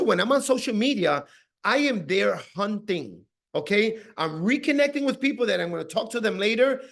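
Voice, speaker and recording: Guy with a high voice pumping up his team on a video call, acts out calls, keeps saying right. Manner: animated, acts out phone calls, says "right?" often. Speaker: team leader giving sales training. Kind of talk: energetic coaching talk on a video call.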